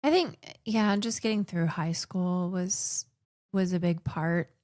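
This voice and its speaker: A woman in her forties who grew up in the Philippines tells personal stories as a podcast guest, chatty and often restarting her sentences. Her lowish, darkish voice moves slowly, and the studio-quality recording is dry.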